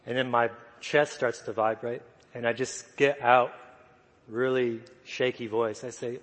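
Soft-spoken male preacher, mid-pitched, easy storytelling, reverberant church hall. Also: steady tone, a little slow, pauses often. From United States. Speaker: guest preacher. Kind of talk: sermon storytelling.

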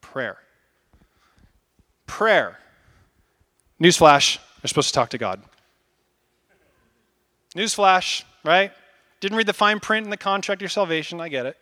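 A man in his thirties preaching a casual, animated sermon, acting out little asides as he goes. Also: sits high, unhurried, pauses often. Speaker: pastor.

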